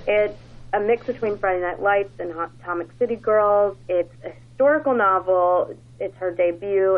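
A woman chatting casually and enthusiastically about books on a radio segment, with lots of fillers. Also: medium pitch. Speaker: book recommender on a radio segment. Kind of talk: casual book talk. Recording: phone-like radio audio.

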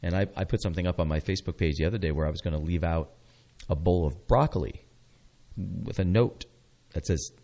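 A middle-aged man with a very deep voice hosts a local radio show. He rambles casually between topics, sprinkling in fillers and restarts. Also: brisk, warm tone. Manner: rambling, chatty, with many fillers. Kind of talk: casual chat.

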